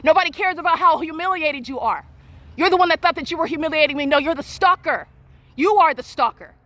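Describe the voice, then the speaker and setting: A woman's voice: high voice, fairly bright tone, no echo. A woman filming herself in public, delivering an accusatory, repetitive rant as confrontational self-filmed commentary. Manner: accusatory, repetitive, rapid ranting.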